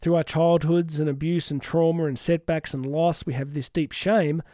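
A man's voice: on the high side, fairly even intonation, normal speed, mellow, dry recording, clean studio sound. A middle-aged man hosting a solo podcast, talking earnestly and reflectively with frequent restarts and asides. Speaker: podcast host and coach.

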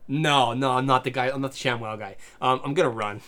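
A man playing a tabletop game, excitable and joking, swearing a lot and laughing often. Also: medium pitch, fairly quick. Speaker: player. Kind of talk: casual chat in a tabletop game.

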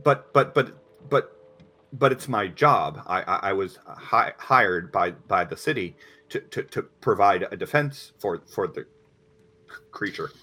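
A man's voice: on the low side, expressive, unhurried, bright, forceful tone, heavily acted. A man voicing a nervous middle-aged male lawyer who stutters and repeats words constantly. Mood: flustered.

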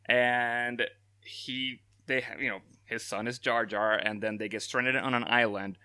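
Bright, smooth-voiced man, dry sound. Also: medium pitch, steady tone, a little slow, no room sound. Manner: interrupts to recap, incredulous and laughing. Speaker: podcast co-host. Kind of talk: casual chat.

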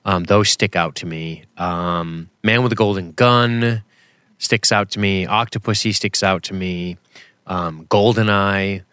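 A man's voice: sits low, a little slow, fairly bright tone, smooth, no echo. A man co-hosting a podcast in casual chat, wry and rambling, often poking fun at himself. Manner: wry, rambling, self-deprecating. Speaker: podcast co-host.

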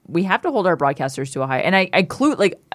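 Co-host, woman, low voice, lively swings, dry close sound, emphatic and animated. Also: quick pace, no room sound. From Canada. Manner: animated, emphatic, laughs often. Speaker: podcast co-host. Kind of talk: casual chat.

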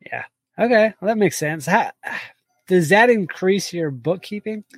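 A man's voice: high-pitched, animated, a little slow, no echo. A man hosting a casual interview, mostly agreeing briefly and asking short questions. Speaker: podcast host.

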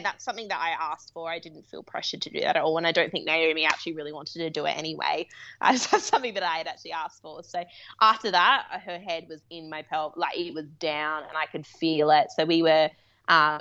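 A woman's voice: deep voice, sharp tone, highs cut off. A woman who works as a midwife, a guest in a remote interview, telling a personal story in a candid, rambling way with frequent laughs. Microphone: remote call.

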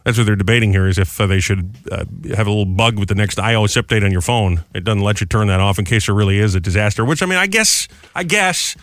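A man hosting a morning radio show, running through news items and polls in quick rundowns and joking with his co-hosts. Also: lowish voice, a bit bright, dry recording, clean studio sound.

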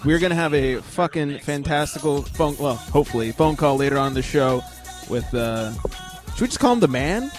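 A man's voice: fairly high pitch, lively intonation, brisk, soft background music. A man co-hosting a casual podcast from a bedroom, loose and joking, swearing freely while drinking. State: tipsy, drinking beer. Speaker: podcast co-host. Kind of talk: casual chat.

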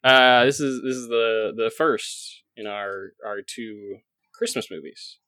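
A young man hosting a casual movie podcast, wry and self-mocking, halting with fillers as he introduces the film. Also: medium pitch, sharp tone, no echo. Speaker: podcast host.

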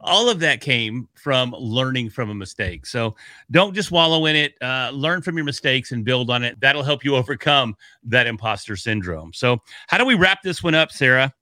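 A man's voice: medium pitch, lively intonation, moderate pace, sharp tone, no echo. A man co-hosting a podcast in casual chat, upbeat and joking. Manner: upbeat, joking, easily laughing. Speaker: podcast co-host.

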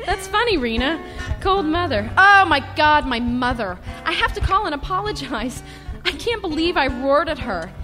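A woman playing an anxious, excitable young woman who insists on what she sees. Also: high-pitched, in a large hall, soft background music, full character voice. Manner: excitable, insistent, quickly rattled.

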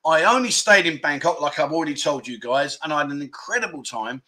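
A man's voice: a little high, animated, fairly quick, bright, forceful tone. A man from England hosting a casual livestream, rambling through self-deprecating banter and reading out viewer comments. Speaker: livestream host.

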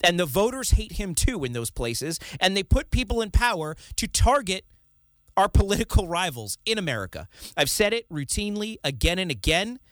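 A man hosting a political talk show, opinionated and animated, often laughing and mimicking the people he criticizes. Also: high-pitched, normal speed, no room sound, studio quality.

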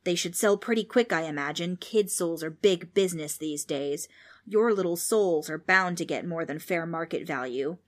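A woman's voice: lowish voice, normal speed, lightly acted. A woman voicing a brash, boastful ghost with a folksy, mocking way of talking. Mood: smug.

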